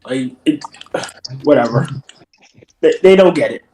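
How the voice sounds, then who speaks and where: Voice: medium pitch, expressive, unhurried, mellow. A co-host in a casual voice-chat podcast who talks bluntly and often trails off mid-thought.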